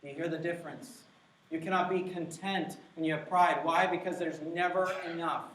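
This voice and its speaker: Male pastor, emphatic sermon delivery, slightly high voice, miked from a distance in a roomy church. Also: steady tone, a bit bright, slight background noise. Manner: emphatic, stresses key words slowly. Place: church sanctuary. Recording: echoey church from far off.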